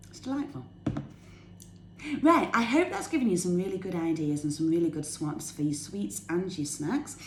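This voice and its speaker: A woman's voice: fairly low pitch, a little mellow, a little hiss or hum. A woman giving bubbly, casual healthy-eating tips to her viewers from her kitchen at home. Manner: enthusiastic, bubbly, laughs while talking. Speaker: fitness tip vlogger. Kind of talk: casual chatty tips to camera. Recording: echoey room with faint ambience.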